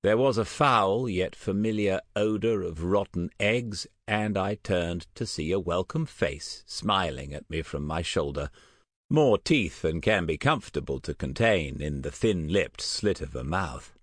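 Male audiobook narrator, very low voice, measured delivery, dry close sound. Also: lively intonation, no echo. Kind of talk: audiobook narration of first-person dark fantasy.

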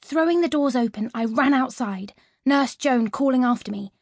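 Woman audiobook narrator, first-person, lively and expressive, breathy, fairly high, dry close studio mic. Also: normal speed, no echo.

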